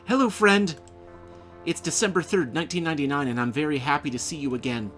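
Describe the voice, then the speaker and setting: A man's voice: a little high, fast, a bit bright, soft background music, pitched above the performer's own voice, natural voice. Chirpy polite computer helper, raised sing-song delivery, man putting it on, eager game AI. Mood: cheerful. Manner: chirpy, overly friendly, calls the player friend. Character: cheerful male AI assistant program, eager, polite.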